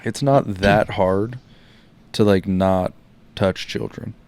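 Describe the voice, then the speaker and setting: Low-voiced young man rambling casually. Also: slow, a little mellow, smooth. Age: 20s. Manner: rambling, heavy use of "like". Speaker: podcast co-host. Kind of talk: casual chat.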